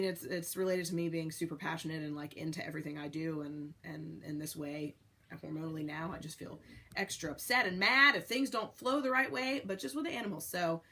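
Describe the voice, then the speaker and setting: A woman's voice: sits low, a bit bright. A young pregnant woman talking candidly to the camera in a rambling, casual way, with many fillers. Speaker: pregnant vlogger.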